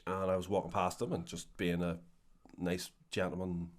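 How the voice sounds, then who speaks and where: A man with a Belfast accent telling a funny story in casual podcast chat, sweary and animated, acting out the people in it. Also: low voice, moderate pace. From Northern Ireland. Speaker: podcast co-host.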